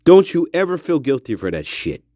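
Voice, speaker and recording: A man's voice: on the high side, sing-song, normal speed, mellow, dry recording, highs cut off. A man hosting a casual livestream, talking to his viewers in a profane, emphatic pep talk. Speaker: livestream host.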